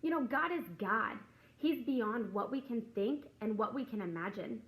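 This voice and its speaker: A woman's voice: fairly high pitch, lively intonation, normal speed, poor audio. A woman who teaches and hosts a faith talk, chatting casually and acting out classroom conversations as she tells a story. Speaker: teacher and Christian video host. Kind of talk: casual devotional talk to camera.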